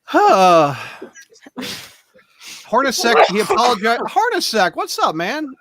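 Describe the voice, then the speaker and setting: High, lively man hosting a video call. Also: slow, very noisy. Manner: reads viewer comments aloud, jokey. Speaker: host. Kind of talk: casual video-call chat.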